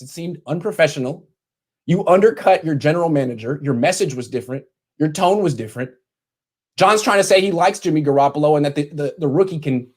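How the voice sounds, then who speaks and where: A man delivering a sarcastic, scolding vlog rant from his bedroom. His pitch rises and falls with animated, mocking emphasis. He talks straight to the camera and piles up jabs. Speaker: sports commentator.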